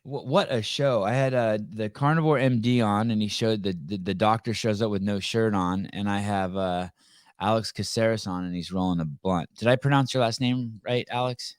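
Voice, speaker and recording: A man hosts a casual live podcast on a video call. His voice sits low and sounds close and dry, with little room around it. He talks bluntly, jokes a lot and swears freely. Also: moderate pace, clear, resonant tone, no room sound. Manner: blunt, profane, joking. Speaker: podcast host.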